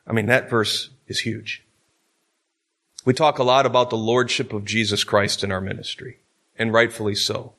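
A man's voice: lowish voice, little pitch movement, normal speed, fairly bright tone. A man teaching a Bible class from notes, talking conversationally and with emphasis, often checking in with his listeners.

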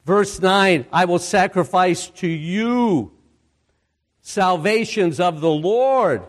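A male pastor preaching a sermon, reading scripture aloud and repeating key phrases for emphasis. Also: high-pitched. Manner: slow, deliberate reading of scripture with emphatic repetition.

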